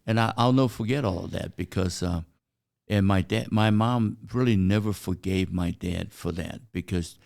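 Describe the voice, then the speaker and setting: Deep and gravelly, with a slightly mellow quality, the voice belongs to an older Chinese-born man whose native tongue is Chinese. Being interviewed informally, he shares stories at an unhurried pace, hesitating often with "uh."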